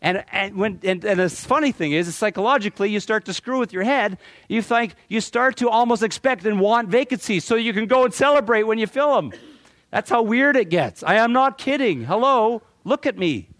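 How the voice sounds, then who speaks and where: A middle-aged man from Canada giving a talk to a live audience, animated and joking, often repeating words as he restarts. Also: high-pitched, moderate pace, dry recording. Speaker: motivational speaker.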